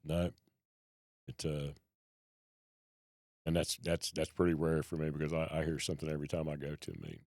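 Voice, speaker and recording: A man's voice: rumbling low, little pitch movement, fairly quick, long pauses, darkish tone, no room sound, studio quality. A man, a podcast guest telling a personal story in a folksy, plain-spoken way.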